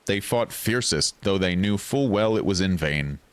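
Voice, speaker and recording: A man voicing a grave, formal older man in a game, speaking slowly. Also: deep voice, expressive, no room sound. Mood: solemn.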